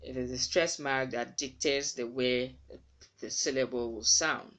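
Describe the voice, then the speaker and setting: A man's voice: medium pitch, fairly even intonation, a little slow, bright, forceful tone. A man giving a spoken English pronunciation lesson, carefully repeating words to model the sounds. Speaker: pronunciation teacher.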